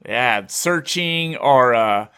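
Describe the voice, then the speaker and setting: Bright-voiced young man chatting casually. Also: medium pitch, very slow, smooth. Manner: relaxed, rambling, swears casually. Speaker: podcast co-host. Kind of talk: casual chat. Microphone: video call.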